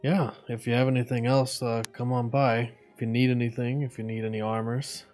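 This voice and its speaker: A man's voice: mid-range voice, little pitch movement, a little fast, darkish tone, soft background music, lightly acted. A man voicing a sleepy, friendly shopkeeper who bargains shrewdly. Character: sleepy middle-aged male shopkeeper, friendly haggler.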